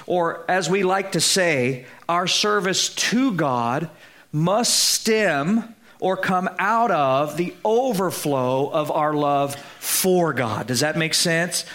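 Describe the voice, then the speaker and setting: A man's voice: on the high side, a bit bright. A man preaching a sermon, teaching with emphasis and putting rhetorical questions to his listeners. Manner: slows down to stress key phrases. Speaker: pastor.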